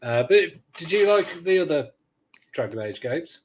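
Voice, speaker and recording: A man's voice: fairly high pitch, very animated, moderate pace, slight background noise. A man, co-hosting a gaming podcast in casual chat, rambling with dry, sarcastic humor. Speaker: podcast co-host.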